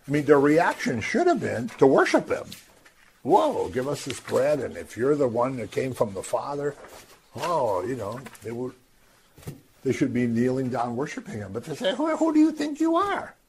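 A man teaching from the Bible in a lively, conversational way, acting out the crowd's voices. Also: medium pitch, normal speed, a little hiss or hum. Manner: animated, acts out voices of the crowd. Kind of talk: scripture teaching.

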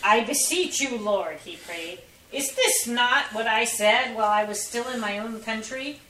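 A woman in a study group reading scripture aloud in a slow, careful, measured way. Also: a little high, sharp tone, slight background noise. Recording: roomy, distant room mic with faint ambience.

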